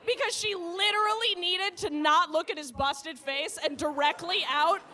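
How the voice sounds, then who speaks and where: A woman's voice: very high voice, moderate pace, a crowd in the background. A woman doing a stand-up comedy set on a comedy club stage, brash and profane, laughing at her own jokes.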